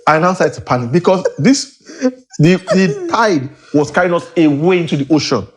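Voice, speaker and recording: A man's voice: fairly high pitch, normal speed. A man, co-hosting a casual podcast and telling stories with lots of acting out and laughter. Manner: animated storyteller, acts out quotes, laughs often. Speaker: podcast co-host. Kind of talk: casual chat.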